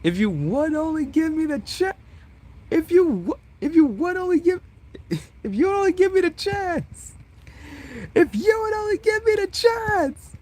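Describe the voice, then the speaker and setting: A man voicing a desperate, pleading young female figure in a high, breaking falsetto, crying as she begs. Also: very animated, slow, few pauses, warm tone, full character voice. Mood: desperate wailing.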